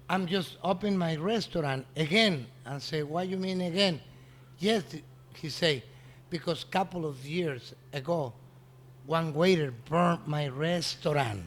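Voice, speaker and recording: Man telling a story in English. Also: on the high side. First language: Spanish. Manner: halting, non-native English with frequent restarts, acts out the dialogue he quotes. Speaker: restaurant owner, interview guest. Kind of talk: anecdotal storytelling in an interview.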